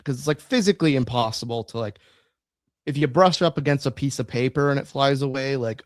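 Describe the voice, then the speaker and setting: A man's voice: medium pitch, a little fast, no room sound. Dry-miked man rambling in casual chat. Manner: rambling, many fillers and restarts. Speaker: podcast co-host.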